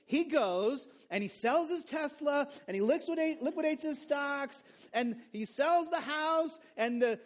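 A male pastor preaching a sermon in an animated, conversational way. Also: extremely high pitch, normal speed. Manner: animated, conversational, acts out characters.

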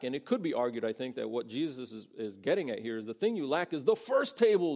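Gravelly-voiced man preaching casually. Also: a little high, sing-song, fairly quick, few pauses, darkish tone. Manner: conversational, acts out quoted voices. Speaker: pastor. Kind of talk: sermon.

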